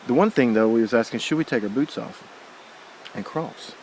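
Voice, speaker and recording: A man's voice: medium pitch, normal speed, a little hiss or hum, poor audio. A man filming his hike outdoors beside a forest creek, rambling and thinking aloud in a casual vlog, correcting himself as he goes. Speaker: hiker filming his trip.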